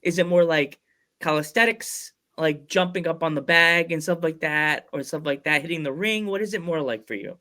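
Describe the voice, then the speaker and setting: A man's voice: fairly high pitch, pushed and bright. A man hosting a casual podcast interview, telling a rambling story with many restarts and acted-out quotes. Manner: rambling storyteller who acts out quoted voices; halting restarts mid-sentence. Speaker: podcast host.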